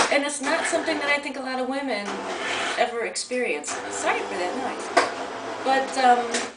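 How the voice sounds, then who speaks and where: A woman's voice: fairly high pitch, heavy background noise. Chatty woman telling a story in a roomy home. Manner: chatty, rambling, with many restarts. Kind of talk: casual personal storytelling. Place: at home, near a coffee maker. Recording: roomy sound from a distant mic.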